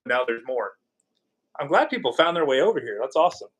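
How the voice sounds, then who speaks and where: A man's voice: medium pitch, very animated, a little fast, fairly bright tone, slightly rough. Rambling, joking live-stream host, a man. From California. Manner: rambling and jokey, reacting to chat. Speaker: podcast host. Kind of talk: casual live-stream chat.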